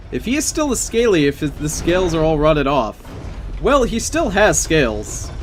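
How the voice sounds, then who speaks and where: A man commenting on his own game session, sarcastic and quick to swear when he loses. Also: mid-range voice, slight background noise. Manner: swearing, sarcastic, easily frustrated. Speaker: gaming channel host. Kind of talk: let's play commentary.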